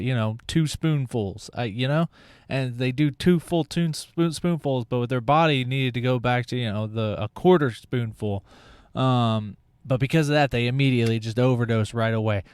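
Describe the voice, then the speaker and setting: A man's voice: medium pitch, clear, resonant tone, no echo, clean studio sound. A man hosting a podcast, talking in a casual comedic monologue that rambles, swears and drifts into tangents. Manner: rambling, profane, full of tangents and restarts. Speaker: podcast host.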